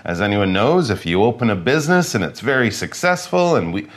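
A man co-hosting a radio English lesson, explaining words in a lively way and acting out example lines. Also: on the low side, a little fast. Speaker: English teacher, co-host.

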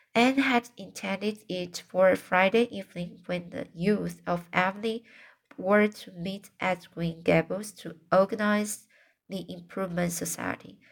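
A woman reading a novel aloud in an unpolished way, with slips and self-corrections. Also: medium pitch. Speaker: audiobook reader.

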